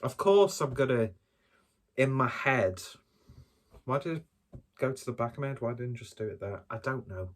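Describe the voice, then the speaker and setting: A man's voice: medium pitch, lively intonation, normal speed, long pauses. A man doing a casual solo beer review, talking in a rambling, hesitant and self-deprecating way.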